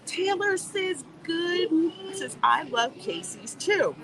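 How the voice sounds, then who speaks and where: A woman hosting a casual livestream while walking through a theme park, reading viewer comments and chatting in an animated way. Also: extremely high pitch, slow. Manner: chatty and animated, warm greetings, laughs often. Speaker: livestream host. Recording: noisy outdoor livestream audio. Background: park ambience and music.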